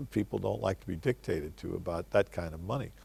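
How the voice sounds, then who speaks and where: Older man with a gravelly voice. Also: low voice, a little fast, a little mellow. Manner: wry, reflective storytelling. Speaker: film director interviewee. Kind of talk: anecdotal interview answers.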